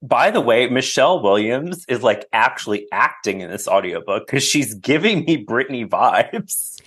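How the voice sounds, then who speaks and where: A man's voice: medium pitch, animated, normal speed, fairly bright tone, breathy edge. A man as a podcast guest, chatting casually and enthusiastically with lots of fillers. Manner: enthusiastic, gushing, filler-heavy.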